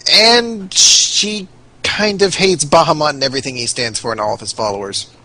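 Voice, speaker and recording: A man's voice: fairly high pitch, moderate pace, pushed and bright, poor audio. A young man playing a tabletop game with friends, eager, chatty and joking. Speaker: player. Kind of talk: casual tabletop play.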